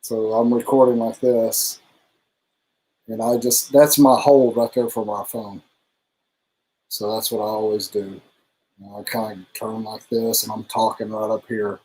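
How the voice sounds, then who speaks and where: Brief: man, mellow dark voice, relaxed rambling livestream co-host who swears casually. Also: on the low side, unhurried, slight background noise, poor audio. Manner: laid-back, rambling, curses casually. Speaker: co-host of a motorcycle channel livestream.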